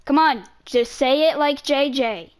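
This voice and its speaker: A woman's voice: sits high, measured pace. A woman in casual gaming voice chat who teases a friend in a bossy way and keeps repeating the same commands. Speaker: game chat player trolling a friend.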